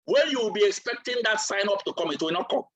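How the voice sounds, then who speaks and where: Guy preaching at a training, high bright voice, hammers every point. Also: expressive, quick pace, low-quality recording. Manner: emphatic and repetitive, asks for water mid-talk. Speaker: trainer and speaker. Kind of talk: motivational training talk delivered like a sermon.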